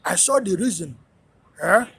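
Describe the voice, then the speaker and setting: A man's voice: high voice, animated, unhurried, gravelly, fairly bright tone, a little hiss or hum. A man, a radio host, telling a personal story in an emphatic, repetitive, preacher-like monologue.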